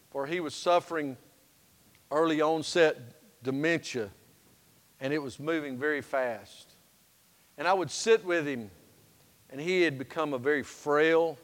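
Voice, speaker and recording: A man preaching a sermon as pastor, folksy and humorous, moving between loud and hushed passages. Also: a little high. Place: church sanctuary. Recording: long reverb of a church sanctuary.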